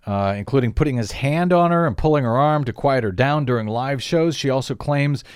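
A man's voice: medium pitch, a little fast, clean tone, no echo, studio quality. Wry male talk radio host. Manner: reads lawsuit quotes, wry asides, frequent fillers. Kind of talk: talk radio news commentary.

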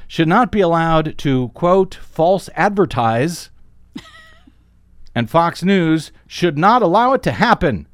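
Male radio host, lively sardonic delivery, dry studio sound. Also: medium pitch, dry recording. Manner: sardonic, fast asides with chuckles. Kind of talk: political talk radio commentary.

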